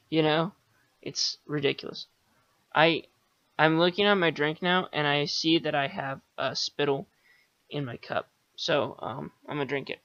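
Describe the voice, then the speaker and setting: Male podcast host, bright tone, dull lo-fi sound, rambling sarcastic monologue. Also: on the high side, no echo. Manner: meandering, sarcastic, swears casually, many fillers.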